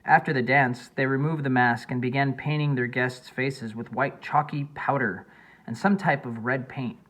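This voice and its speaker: Brief: male audiobook narrator, plain steady storytelling. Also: mid-range voice, normal speed. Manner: plain, steady reading with small slips.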